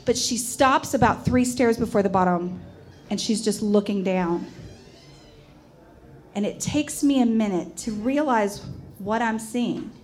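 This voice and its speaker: A woman performing a personal storytelling piece about a haunted house, animated and emphatic, slowing down for the dramatic moments. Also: medium pitch.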